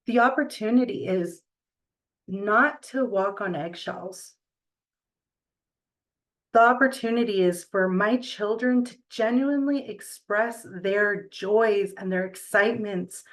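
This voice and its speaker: Woman, middle-aged, motivational talk, unhurried, earnest, pausing often. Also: medium pitch, rough recording. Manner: earnest, slow and deliberate with pauses.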